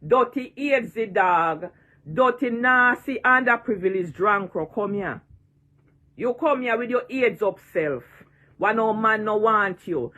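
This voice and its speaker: A woman's voice: a little high, a bit bright, highs cut off. Taunting Jamaican woman in her sixties. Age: 60s. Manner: taunting, repetitive, cursing. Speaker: online personality. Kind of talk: ranting vlog.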